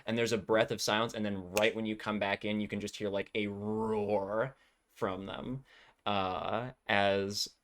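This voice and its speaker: Male game master, lowish voice, loose rambling narration full of fillers. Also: little pitch movement, measured pace, a bit bright. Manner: rambling, full of ums and likes.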